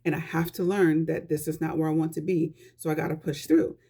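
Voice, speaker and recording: Earnest woman with vocal fry. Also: deep voice, flat delivery, brisk, mellow. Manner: earnest, conversational, addresses viewers directly. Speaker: vlogger giving life advice. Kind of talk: casual talk to camera.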